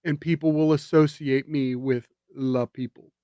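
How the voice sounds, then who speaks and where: Guy on his stream ranting, kinda high voice, sarcastic and punchy, dry close sound. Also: fairly even intonation, a little slow, warm tone, clean tone, no echo. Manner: sarcastic, emphatic, rising to indignant jabs. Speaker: streamer and commentator. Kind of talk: political commentary rant.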